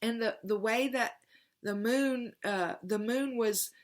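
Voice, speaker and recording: A middle-aged tarot reader speaks slowly in a voice on the high side, sharing a personal story on her casual spiritual vlog. She rambles, and the telling is heartfelt and emotional.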